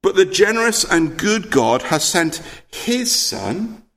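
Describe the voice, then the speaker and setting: A man's voice: sits high, big pitch swings, slow, a bit bright. A man preaching a sermon, earnest and emphatic, asking rhetorical questions and often repeating words as he presses a point.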